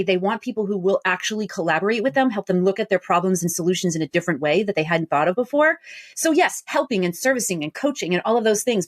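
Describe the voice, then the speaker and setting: A woman guest on a podcast, a sales coach explaining her ideas in a confident, explanatory way. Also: medium pitch. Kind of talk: interview answers.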